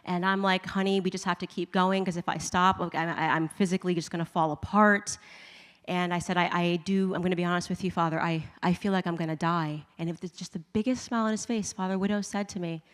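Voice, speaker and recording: A lower-pitched woman from the United States tells a personal faith story in a loose, conversational way, with plenty of "like" and light laughs between lines. Her voice carries a long reverb, as if heard in a large hall. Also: fairly even intonation, quick pace, clean tone. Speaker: speaker giving a faith testimony.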